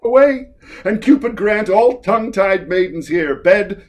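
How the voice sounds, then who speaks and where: A man's voice: high-pitched, animated, measured pace, voice pushed up. A man reading as a sly, coaxing old go-between. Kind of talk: script reading of a classic play. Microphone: video call.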